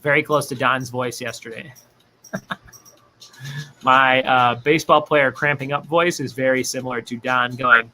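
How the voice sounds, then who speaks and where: A man's voice: medium pitch, level tone, normal speed, bright, forceful tone, slight background noise. A man hosting a casual livestream trivia game, joking, laughing often and reading viewer chat aloud.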